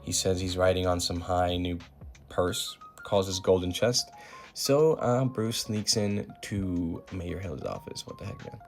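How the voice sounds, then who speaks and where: A man with a low, gravelly voice talks through a comic book issue in a relaxed, slangy recap full of ums and asides. Faint music plays underneath him. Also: takes it slowly. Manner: laid-back slangy summarizing with many ums.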